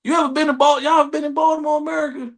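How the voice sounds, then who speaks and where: A man from Maryland co-hosting a podcast in casual chat, animated and profane, repeating himself as he goes. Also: extremely high pitch, very fast. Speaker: podcast co-host.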